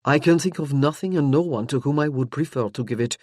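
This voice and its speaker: An audiobook narrator voicing a gentle, tender French nobleman who speaks low and slowly with a French accent. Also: no room sound, studio quality, natural voice. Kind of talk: audiobook character voice.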